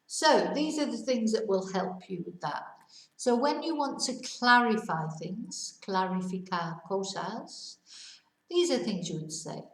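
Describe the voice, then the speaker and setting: A middle-aged woman giving a casual, rambling lesson, slowing down to model Spanish phrases for learners. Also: mid-range voice, reverberant, far from the mic, low-quality recording. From United Kingdom. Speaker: Spanish teacher.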